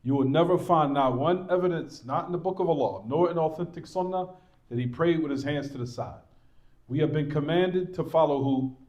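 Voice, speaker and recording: A man's voice: a little high, a little fast, a little mellow, muffled recording. A man teaching a religious class in a mosque, repeating points, reassuring his students and asking them rhetorical questions. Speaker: Islamic teacher.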